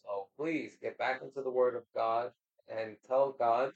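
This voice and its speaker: A man speaks as a guest on a casual faith podcast. He sounds halting and preachy and often repeats his words. The recording is dull and muffled. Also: medium pitch, steady tone.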